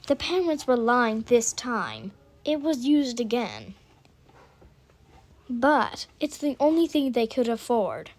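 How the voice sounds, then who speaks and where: A woman narrates a story she is making up on the spot, halting and restarting as she searches for words. Her voice is a little high and her pace is slow. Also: sing-song, a little mellow. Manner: halting, with restarts and self-corrections.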